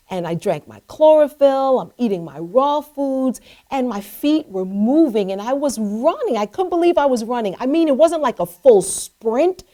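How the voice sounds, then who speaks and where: Animated high-voiced woman telling a story. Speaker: host. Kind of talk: inspirational storytelling.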